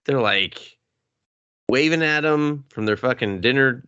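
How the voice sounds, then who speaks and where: A man's voice: medium pitch, normal speed, a bit bright, no echo, lo-fi sound. A man co-hosting a movie review podcast, ranting in a sarcastic, profane, casual way. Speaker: podcast co-host.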